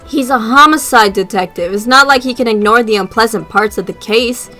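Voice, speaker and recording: A woman voicing a patient, reasonable young woman in a visual novel, in an even tone. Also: a little high, a little fast, faint music behind. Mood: calm.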